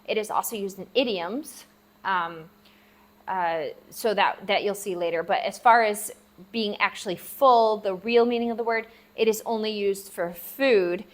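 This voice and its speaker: A woman gives a relaxed vocabulary lesson at an unhurried pace. She sounds out each syllable again and again, stressing it for the learner. Her pitch sits in a middling range. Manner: slow, patient, sounds out syllables repeatedly. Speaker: language teacher. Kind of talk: casual spoken lesson. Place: at a table, writing for the viewer.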